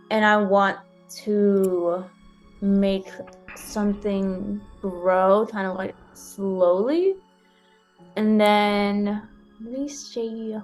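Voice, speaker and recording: A woman playing a tabletop game, describing her moves hesitantly and thinking aloud with lots of "um". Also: mid-range voice. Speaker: player.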